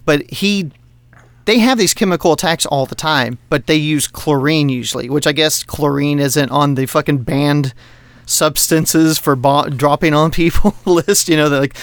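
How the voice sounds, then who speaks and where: A man's voice: fairly high pitch, moderate pace, clean tone, dry recording. Man ranting heatedly, swearing constantly. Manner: heated, swears constantly, laughs between points. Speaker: podcast co-host. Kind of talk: profane political rant.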